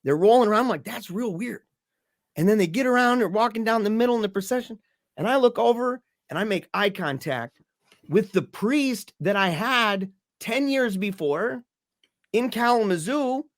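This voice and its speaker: A man's voice: high-pitched, animated, moderate pace, dry recording, clean studio sound. A man telling a story as a podcast guest. He talks in a casual way and acts out the voices of the people in his story.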